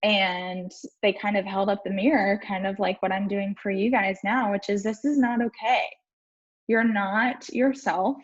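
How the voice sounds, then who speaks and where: A young woman coach speaks frankly to her viewers, swearing now and then as she tells her story. Her voice is husky and breathy, and the stream audio sounds dull and lo-fi. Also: medium pitch, fairly even intonation, unhurried. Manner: frank, swears casually, talks straight to viewers. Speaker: life coach. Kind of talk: candid personal story on a live stream.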